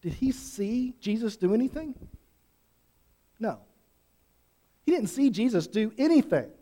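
A man's voice: very high-pitched, big pitch swings, measured pace, mellow. A pastor preaching an earnest sermon to his congregation, pressing them with repeated questions. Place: church sanctuary. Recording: long hall reverb.

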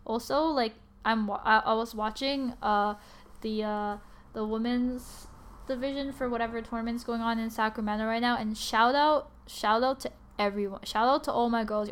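A woman's voice: a little high, slight background noise. Tired young woman rambling on a podcast. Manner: rambling, lots of likes and restarts, quick to apologize. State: sleepy and tired. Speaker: podcast host. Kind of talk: casual solo podcast ramble.

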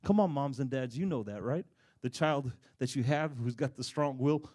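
A middle-aged man preaching a sermon, animated, swinging between loud bursts and hushed stretches as he acts out the people in his stories. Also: medium pitch, normal speed. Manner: animated, dramatic swings in volume, acts out quoted voices.

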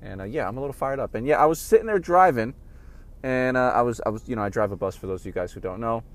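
A man's voice: mid-range voice, animated, fast. Fired-up man ranting on his podcast. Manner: swearing, heated, jumps between mumbled asides and loud outbursts. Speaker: podcast host. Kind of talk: casual rant monologue.

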